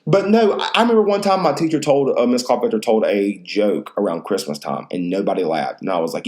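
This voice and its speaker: A man's voice: on the low side, expressive, brisk, hardly any pauses, darkish tone. A man in his thirties hosting a casual solo podcast, telling rambling stories full of slang and swearing. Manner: rambling, profane, slangy storytelling. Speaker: podcast host.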